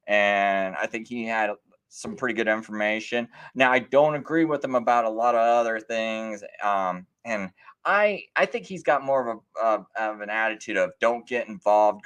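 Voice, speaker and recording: A man's voice: lowish voice, a bit bright, smooth. A middle-aged man hosting a live stream, talking in a rambling, casual way with many fillers and restarts, often acting out what other people said. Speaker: livestream host.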